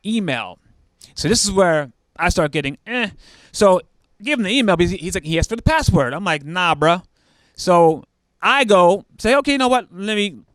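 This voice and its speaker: A man's voice: on the high side, clear, resonant tone, dry recording, studio quality. A man telling a story in a casual, slangy way, with lots of fillers, acting out other people's lines in a raised voice. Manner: animated, acts out the scammer's lines in a raised voice.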